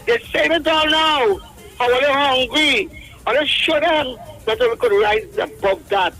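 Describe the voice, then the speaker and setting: A man's voice: very high-pitched, sharp tone, low-quality recording. A man with a Trinidadian accent calling in to a radio show, rambling and preachy, quoting scripture over the phone. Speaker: radio call-in caller. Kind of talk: impassioned call-in talk.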